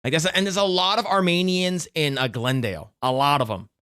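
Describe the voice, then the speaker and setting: A man's voice: a little high, a little fast, sharp tone, clean tone. A man hosting a stream, reacting and telling stories in casual, rambling, profane chat full of fillers. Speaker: streamer host.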